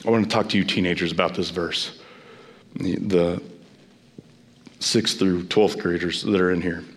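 A pastor preaching a sermon, emphatic and repeating phrases, his voice climbing high when he exhorts. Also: steady tone, normal speed.

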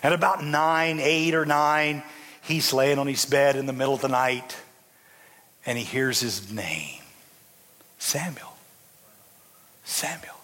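A man's voice: a little high, little pitch movement, measured pace, a bit bright, big-room sound. A man, a bishop, preaching a sermon in a folksy, dramatic storytelling way with joking asides to his congregation.

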